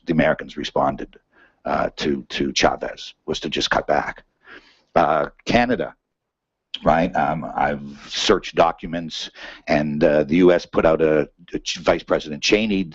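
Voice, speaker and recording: A man speaks in a very deep, husky voice, lecturing to a seminar room in a loose conversational way. He fills pauses with "uh" and keeps checking in with "right?". The recording is muffled and dry. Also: no echo. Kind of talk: academic lecture.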